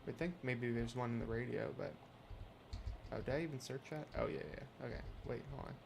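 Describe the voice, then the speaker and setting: A man's voice: medium pitch, a little fast, creaky, background noise. A man streaming a game, chatting casually, laughing often and reading on-screen text aloud. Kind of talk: casual gameplay commentary.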